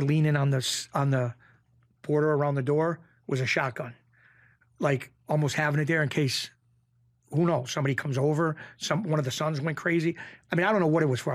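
A middle-aged man from Springfield, Massachusetts, telling stories as a podcast guest in a rambling, animated way with frequent restarts. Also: on the high side, no room sound, clean studio sound. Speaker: podcast guest, former mob bookie. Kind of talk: casual storytelling interview.

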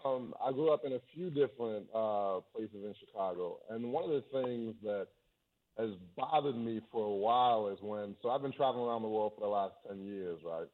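A man born in England, a guest telling stories in a relaxed, soft-spoken way over a video call. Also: on the low side, moderate pace. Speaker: interview guest, travel YouTuber. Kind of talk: casual remote interview. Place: high-rise home in a city. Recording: tinny phone-like call audio.

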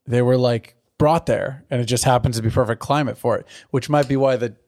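A man's voice: mid-range voice, fairly even intonation, fairly quick, a little mellow. A man co-hosting a podcast, rambling in casual chat, swearing freely and laughing often. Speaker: podcast co-host.

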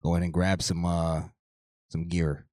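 A man's voice: low voice, little pitch movement, moderate pace, a little mellow. A man co-hosting a podcast in casual chat, rambling loosely and laughing often. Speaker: podcast co-host.

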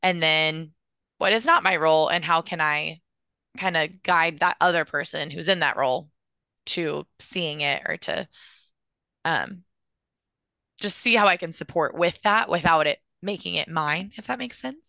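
Bright, smooth-voiced woman music therapist. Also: low voice, a little slow, dry recording, muffled recording. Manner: earnest, enthusiastic storytelling. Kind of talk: casual interview answers.

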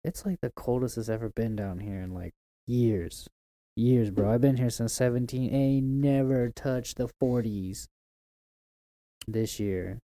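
A relaxed man from Florida trades stories on a home podcast, full of slang and swearing. His voice is very dark and mellow at a middle pitch. The recording is dry and close. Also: unhurried, no echo. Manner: laid-back, slangy, swears a lot. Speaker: podcast co-host. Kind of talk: casual profane chat.

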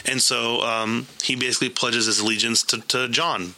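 A man's voice: medium pitch, flat delivery, normal speed, pushed and bright, low-quality recording. A man casually recapping a TV episode, telling the story with energy and acting out characters' lines. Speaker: podcast host recapping a TV episode. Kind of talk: casual chat.

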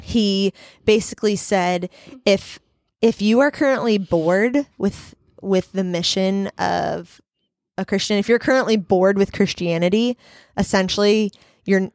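A woman's voice: mid-range voice, measured pace, a little mellow, no room sound, studio quality. A young woman hosting a casual faith chat, telling earnest, rambling stories. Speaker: podcast host.

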